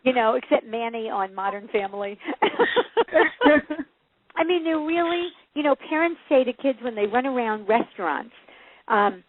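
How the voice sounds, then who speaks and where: A woman's voice: fairly high pitch, moderate pace, no room sound. A woman being interviewed as a parenting coach, telling stories with lots of laughs and acting out the voices of the people in them. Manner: lively storyteller who acts out quoted voices and laughs often. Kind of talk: casual interview chat. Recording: phone-line audio.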